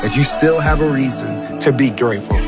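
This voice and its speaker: A singer speaking warmly about his song in a radio spot. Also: mid-range voice, moderate pace, loud music behind the voice.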